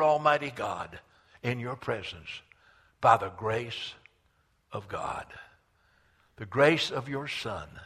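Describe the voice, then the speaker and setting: A man preaching a sermon, impassioned, swelling loud and dropping low, with stammered restarts. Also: vocal fry, breathy edge.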